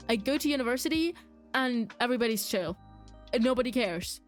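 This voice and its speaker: A young adult woman with a slightly high voice talks casually to her stream chat. She rambles from thought to thought, animated and quick to laugh. Faint game music sits quietly in the background. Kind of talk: casual chat while gaming, reading chat aloud.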